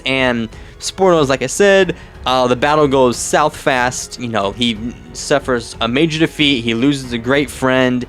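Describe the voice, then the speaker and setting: A man's voice: medium pitch, animated, normal speed. Rambling young man with faint music. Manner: rambling, heavy on "like" and "you know", many restarts. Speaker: vlogger. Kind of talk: casual movie commentary vlog.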